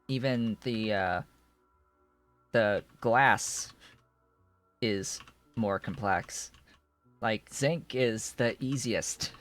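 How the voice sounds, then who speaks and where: A man's voice: medium pitch, fairly bright tone. A man streaming a game, thinking aloud in a rambling way with many restarts. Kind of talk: casual live-stream commentary while playing.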